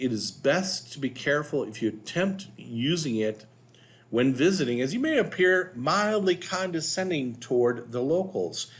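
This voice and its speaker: A man hosting a video, reading notes aloud and adding loose asides with fillers. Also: medium pitch. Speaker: host. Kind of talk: casual narration reading from notes.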